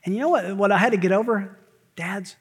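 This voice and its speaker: A man preaching a sermon as pastor, emphatic, with quick asides and rising exclamations. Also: high-pitched, husky. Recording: long hall reverb.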